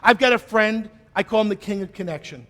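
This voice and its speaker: A middle-aged man giving a keynote speech on stage, telling a story in a playful, animated way. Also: sits high, fairly quick. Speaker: keynote speaker. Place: conference stage in a large hall. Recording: long reverb of a large hall.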